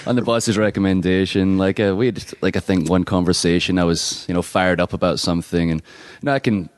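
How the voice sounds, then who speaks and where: Deep fast-talking Scottish man. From Scotland. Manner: excitable, talks quickly when fired up; trained clear delivery. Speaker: guest. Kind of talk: casual podcast conversation.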